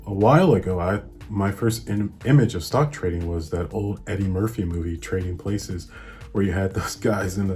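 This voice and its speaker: A young man with a Hawaiian accent talks through investing basics in a relaxed, chatty vlog, laughing easily as he goes. His voice sits low and mellow, and faint music plays underneath. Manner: easygoing, chatty, laughs often. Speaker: investing channel host. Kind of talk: casual explainer vlog. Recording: soft music behind.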